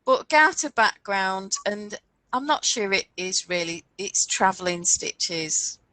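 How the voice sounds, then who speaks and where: A woman's voice: mid-range voice, lively intonation, slow, pushed and bright, no echo, low-quality recording. Chatty woman, dry sound. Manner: chatty, thinking aloud, stumbling over pattern names. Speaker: podcast co-host. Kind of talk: casual chat about knitting patterns.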